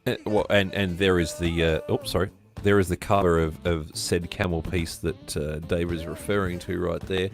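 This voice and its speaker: A man's voice: low voice, flat delivery, normal speed, hardly any pauses, soft background music. An Australian man hosting a casual interview livestream over a video call, telling rambling stories with lots of fillers. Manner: chatty storyteller, rambling with fillers. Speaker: livestream host.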